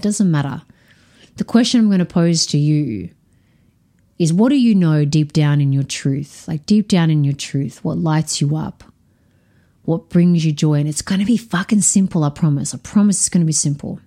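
A woman hosting her own podcast as a coach, talking in an energetic, frank monologue and swearing freely. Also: lowish voice.

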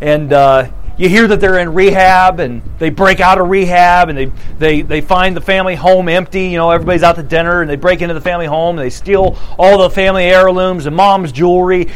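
A man preaching a sermon, retelling a parable with animated delivery and acting out the characters' lines. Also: sits high, poor audio.

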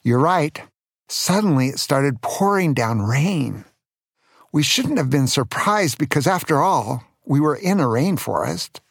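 A man's voice: a little high, lively intonation, measured pace, vocal fry, breathy edge, no room sound, studio quality. An older man telling a children's adventure story as a grandfather, playful and dramatic, with small jokes.

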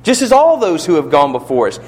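A man's voice: fairly high pitch, very animated, fairly quick, a little mellow. A man preaching a sermon, building to emphatic peaks and asking rhetorical questions, in a church or funeral hall. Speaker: pastor. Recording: long reverb of a large hall.

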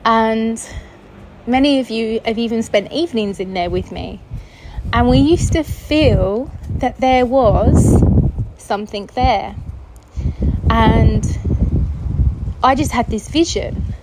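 A woman from England tells a personal story on her podcast in a chatty, casual way. Her voice sits a little on the high side. She acts out the voices of the people in her story as she goes. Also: slow pace, long pauses, heavy background noise. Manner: chatty, acts out quoted voices, laughs often. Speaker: podcast host.

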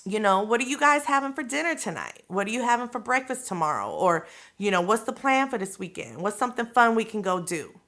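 A woman's voice: a little high, very animated, fairly quick, a bit bright. A woman hosting her own podcast, giving a casual, motivational talk to listeners in a direct, coaxing, slangy way, checking in with "okay?" and "you know what I'm saying?". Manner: colloquial, slangy delivery. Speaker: podcast host.

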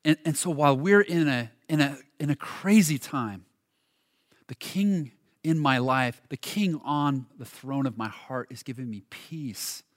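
A man preaching a sermon as a pastor, earnest and halting, often restarting his words and shifting between quiet and louder passages. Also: medium pitch.

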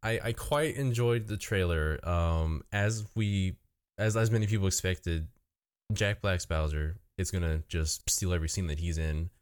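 A man's voice: low voice, normal speed, clean tone. A man chatting as a podcast guest, rambling with frequent stutters and restarts. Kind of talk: casual chat.

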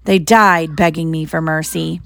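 A woman voicing a cruel, commanding male dark lord who snarls, hisses and shrieks his lines in a storybook reading. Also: low voice, fairly even intonation, a little slow, gravelly, no echo, exaggerated voice. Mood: menacing.

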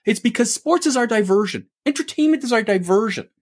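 Animated man ranting on a sports show. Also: extremely high pitch, a little fast, breathy edge. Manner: emphatic, punchy, fond of rhetorical questions. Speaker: co-host of a sports opinion show. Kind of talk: ranting opinion commentary.

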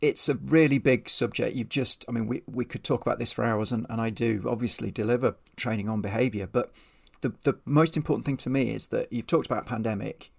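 A man's voice: mid-range voice, a little fast, vocal fry. A man in his fifties, a behaviour trainer telling stories as an interview guest in a chatty, self-deprecating way. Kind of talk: casual storytelling in an interview.

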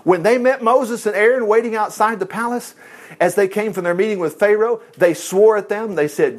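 A man reading scripture aloud and breaking in with animated, exclamatory asides, teaching a Bible lesson. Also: high-pitched, normal speed.

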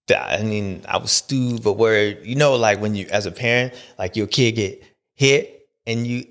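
A man's voice: on the low side, a little slow, fairly bright tone. A man hosting a casual, joking commentary, talking in slang and mimicking other people. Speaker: host.

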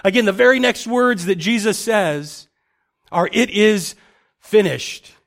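A man's voice: sits high, animated, unhurried, fairly bright tone. A male pastor giving a conversational sermon, often restarting and repeating words as he thinks aloud.

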